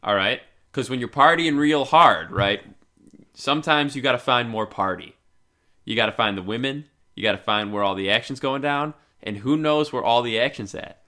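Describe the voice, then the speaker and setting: A man co-hosting a comedy podcast, talking loud and profane and laughing often. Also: medium pitch, normal speed. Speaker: podcast co-host. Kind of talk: casual comedic chat.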